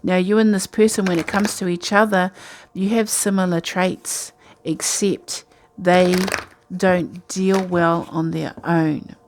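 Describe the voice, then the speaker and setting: A woman's voice: on the low side, steady tone, takes it slowly, noisy background. A woman giving a casual, rambling tarot reading from home at night, talking in a chatty, intuitive way. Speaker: tarot reader.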